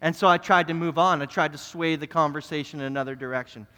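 A young man, a pastor telling a story in his sermon, earnest and animated, often repeating words as he goes. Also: a little high, quick pace. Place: church sanctuary. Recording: reverberant church hall.

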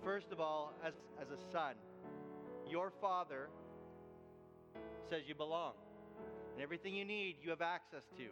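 A man's voice: on the high side, moderate pace, long pauses, big-room sound, dull audio, over music. A man preaching a sermon as pastor, telling a story and speaking earnestly to fathers.

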